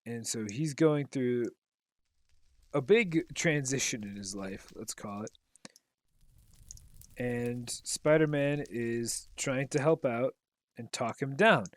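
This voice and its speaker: A man's voice: mid-range voice, slow, long pauses, dry recording. A man recapping a film in loose, rambling chat, full of fillers and the odd swear, while he plays a game. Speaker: gaming commentator. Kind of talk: casual commentary while playing.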